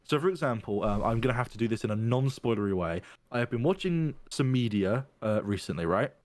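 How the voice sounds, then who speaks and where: A man's voice: medium pitch, expressive, brisk, a little mellow. A man in casual podcast chat, thinking aloud and rambling through restarts as he argues his point.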